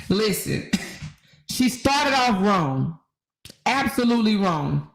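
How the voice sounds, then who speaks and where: A woman hosting casual commentary, talking in an animated, slangy way and laughing often. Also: mid-range voice, unhurried, slight background noise, low-quality recording. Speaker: host.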